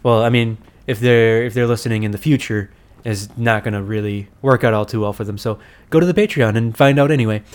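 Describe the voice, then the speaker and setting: A man's voice: mid-range voice, brisk, smooth. A young man co-hosting a casual movie podcast, easygoing, often stumbling and restarting his sentences. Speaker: podcast co-host, works at a movie theater. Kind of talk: casual movie review chat.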